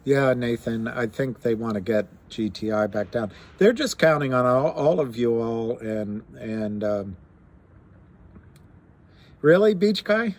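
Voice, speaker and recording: Slow rambling man on a live stream. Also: mid-range voice, a little mellow. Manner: rambling, many fillers and restarts, reads numbers aloud. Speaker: livestream host talking stocks. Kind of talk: casual live-stream chat.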